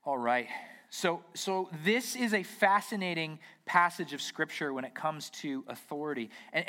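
A man's voice: sits high, fairly bright tone. Earnest male pastor in an echoing church. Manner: earnest, repeats words as he restarts. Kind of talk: sermon. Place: church sanctuary. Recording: reverberant church hall.

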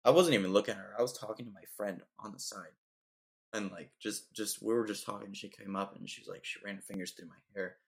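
A man's voice: lowish voice, fast talker, creaky. A young man hosting a casual podcast chat, telling joking stories and saying dude and bro a lot. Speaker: podcast host.

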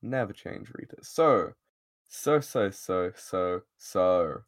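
A man's voice: deep voice, expressive, takes it slowly. A man in casual podcast chat, recapping an episode with frequent laughs, filler words and swearing. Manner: giggly, rambling, swears freely.

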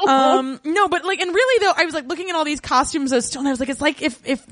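A woman's voice: high voice, fast talker, a crowd in the background. A woman co-hosting a podcast, chatting casually and sarcastically as she retells a movie's plot. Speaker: podcast host. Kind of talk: casual movie review chat.

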